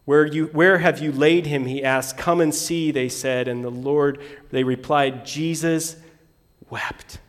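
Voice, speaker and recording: Preaching man, swinging from loud to hushed. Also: fairly high pitch, steady tone, unhurried, in a large hall. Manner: dramatic preaching, reads scripture aloud with sudden loud and soft swings. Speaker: pastor. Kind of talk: sermon.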